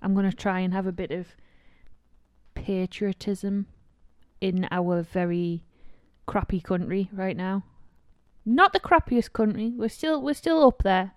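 A woman's voice: medium pitch, measured pace, a little mellow, dry recording. A woman from northeast England with a northeast English accent, co-hosting a podcast in casual chat, dry and teasing. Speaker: podcast co-host.

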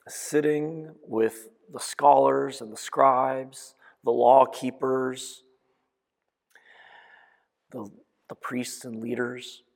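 Slow, gravelly male preacher. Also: mid-range voice. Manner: reflective storytelling, swings between soft and emphatic. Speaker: pastor. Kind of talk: sermon. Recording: long echoing reverb.

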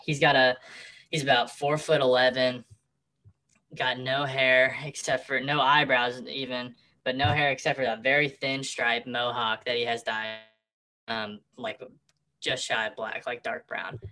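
A man's voice: medium pitch, flat delivery, unhurried, sharp tone. A real estate agent, a man, casually telling a long anecdote in a rambling way with fillers, his voice digitally distorted to hide who he is. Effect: voice distortion for anonymity. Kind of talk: casual storytelling.

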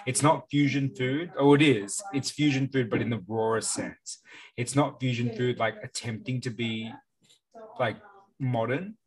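A man's voice: medium pitch, fairly even intonation, a little slow, a crowd in the background, rough recording. A man, co-hosting a podcast in loose casual chat, rambling with lots of "like" fillers and the odd swear. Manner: rambling, heavy use of "like" fillers, occasional swearing. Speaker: podcast co-host.

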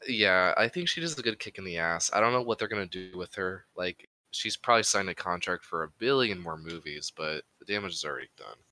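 A man's voice: deep voice, lively intonation, a little fast, few pauses, pushed and bright. A young man co-hosting a podcast, chatting casually with loose, rambling opinions and plenty of swearing. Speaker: podcast co-host. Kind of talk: casual chat.

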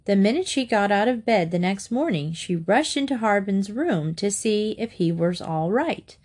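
A woman's voice: medium pitch, animated, normal speed, a little mellow. Woman reading a children's book aloud. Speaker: storyteller.

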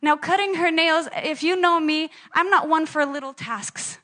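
A woman's voice: sits high, normal speed, pushed and bright. A woman preaching a sermon to her church, telling personal stories with animation and laughing at herself.

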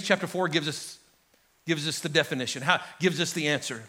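A middle-aged man preaches to his congregation in a lively, animated way, calling out to the crowd and rising into shouts. His voice sits high for a man and has a bright, forceful edge. It is a church sermon delivered in a large sanctuary. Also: a little fast. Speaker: pastor.

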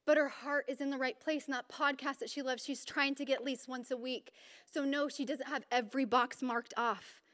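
A woman giving an informal, conversational sermon at a Bible study, animated and chatty, with sudden bursts of emphasis. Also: high-pitched, normal speed. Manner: informal and chatty, with fillers and restarts. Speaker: women's Bible study speaker. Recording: reverberant hall sound.

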